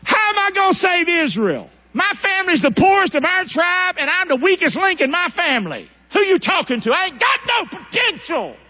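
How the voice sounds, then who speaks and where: A man's voice: very high-pitched, very animated, normal speed, few pauses, sharp tone, long reverb tail, pitched above the performer's own voice, heavily acted. A man preaching and acting out a doubting, poor young man who complains in folksy slang. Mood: despairing. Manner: folksy, exasperated, streetwise slang. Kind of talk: sermon with acted biblical character.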